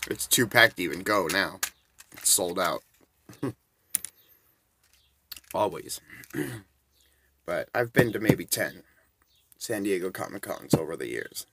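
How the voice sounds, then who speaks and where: A man's voice: low voice, lively intonation, takes it slowly, long pauses, pushed and bright, a little hiss or hum. A man in his forties telling rambling, casual anecdotes and chuckling between bits. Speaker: storyteller.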